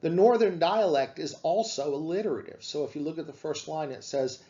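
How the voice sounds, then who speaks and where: A man giving a classroom lecture on literature, explaining slowly with frequent fillers. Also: a little high, dark tone, highs cut off.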